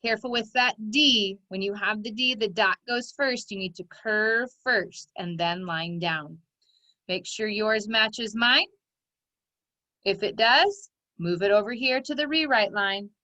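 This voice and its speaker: A woman's voice: mid-range voice, measured pace, bright, forceful tone. A woman phonics teacher giving a dictation lesson, stretching out sounds and letters in an encouraging way. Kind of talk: slow, clearly enunciated dictation lesson.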